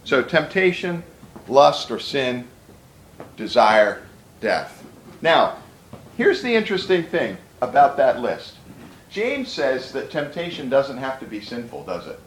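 A man's voice: medium pitch, big pitch swings, slow pace, echoey room, slight background noise, low-quality recording. A man preaching a sermon to a room of pastors, emphatic and conversational, with repeated words for stress.

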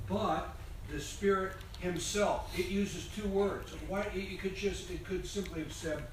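A man's voice: sits high, fairly even intonation, a little slow. A man in a class discussion, earnestly explaining a point and repeating words for emphasis. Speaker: class participant. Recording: echoey, distant, noisy room.

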